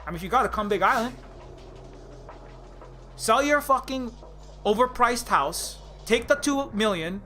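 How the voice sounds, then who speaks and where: A man's voice: very high voice, animated, a little slow, pauses often, pushed and bright. A man from Hawaii, ranting angrily and sarcastically, with lots of swearing, in a casual vlog. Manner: angry profane ranting, sarcastic. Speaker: indie game developer. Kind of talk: casual rant.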